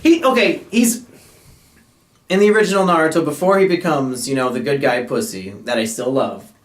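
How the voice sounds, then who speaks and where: A young man co-hosting a casual chat, excitable and swearing, laughing as he tells stories. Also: on the high side, moderate pace, reverberant. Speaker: co-host.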